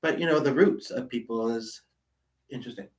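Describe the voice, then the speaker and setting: A man muses aloud in a loose, meandering monologue, often pausing to find his words. His pitch sits in an ordinary middle range. The recording is roomy, with the mic some distance away. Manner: meandering, hesitant, reflective. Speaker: vlogger, spiritual channeler. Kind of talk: casual rambling monologue.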